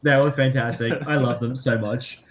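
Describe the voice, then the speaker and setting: A man's voice: medium pitch, fairly even intonation, normal speed, a crowd in the background. A man running a tabletop game as game master, narrating casually with many fillers and frequent laughs.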